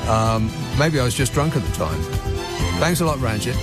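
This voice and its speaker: A man's voice: medium pitch, sing-song, moderate pace, loud music behind the voice. A man hosting a late-night radio phone-in, chatting in a dry, sardonic way with mocking asides. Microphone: studio microphone.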